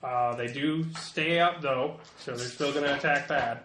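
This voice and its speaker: A man's voice: medium pitch, unhurried, fairly bright tone, roomy sound, a little hiss or hum. A man running a tabletop role-playing game as game master, loose and joking with many fillers.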